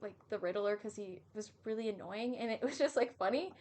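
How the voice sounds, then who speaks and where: A woman's voice: medium pitch, brisk, a little mellow. A young adult woman co-hosting a casual podcast, giggly and often trailing off mid-sentence. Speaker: podcast co-host. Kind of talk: casual chat.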